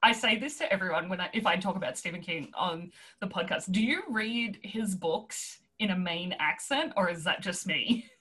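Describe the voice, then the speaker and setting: Chatty podcast host lady, kinda husky, does little voices when quoting people. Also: on the low side, normal speed, few pauses, pushed and bright. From outside the United States, schooled in an English-speaking country. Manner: chatty, acts out quotes. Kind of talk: casual chat.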